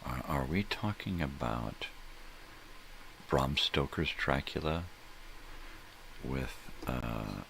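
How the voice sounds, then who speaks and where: Very deep, gravelly middle-aged man. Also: lively intonation, slow, pauses often, fairly bright tone, a little hiss or hum. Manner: rambling, joking, profane, trails off searching for names. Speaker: host. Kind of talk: casual solo livestream chat.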